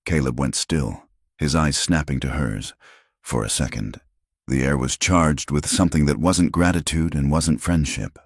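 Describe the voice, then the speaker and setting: A frontier tale is narrated as a scripted audiobook by a man with a very deep, extremely low voice that sounds creaky and slightly rough. He keeps an even, measured pace, and the audio is close-miked and dry without any room echo.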